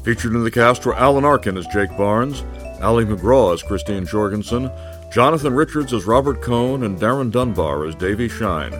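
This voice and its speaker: A male announcer reading closing credits in a measured, formal way. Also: fairly low pitch, lively intonation. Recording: announcement over loud music. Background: music.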